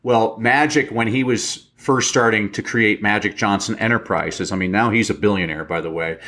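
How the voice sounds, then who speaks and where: A man as a podcast guest, telling animated stories in casual chat and acting out the quotes. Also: lowish voice, moderate pace. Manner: animated storyteller, acts out quotes.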